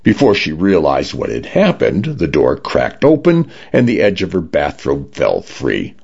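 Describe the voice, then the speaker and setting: A man's voice: extremely low pitch, huge pitch swings, measured pace, vocal fry, hardly any pauses, a little mellow, slightly rough. A man reading science fiction stories aloud as a radio narrator. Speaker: radio story reader. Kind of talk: scripted narration. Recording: dull lo-fi radio broadcast.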